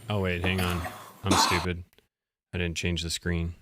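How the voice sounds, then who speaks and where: A man co-hosting a live stream, chatting casually and thinking out loud with self-deprecating asides. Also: low voice, little pitch movement, normal speed, very noisy. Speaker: co-host.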